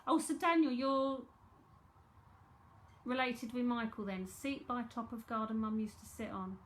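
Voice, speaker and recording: A woman's voice: a little high, fairly even intonation, measured pace. A woman with a London accent giving a chatty live psychic tarot reading from home, repeating herself as she talks to viewers.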